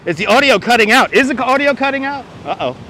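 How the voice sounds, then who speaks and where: Wry, bright-voiced man on a windy beach. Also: very high-pitched, lively intonation, fast talker. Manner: wry, joking, mock-announcer asides. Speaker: livestream host. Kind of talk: casual livestream chat reading viewer comments. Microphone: wireless clip-on mic. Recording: faint wind and surf noise.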